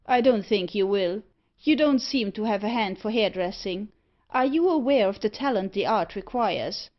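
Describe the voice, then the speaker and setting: A woman voicing a proud, boastful male barber who talks loudly and with scorn. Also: medium pitch, expressive, moderate pace, lightly acted. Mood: scornful. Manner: loud and scornful. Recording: slightly dull audio.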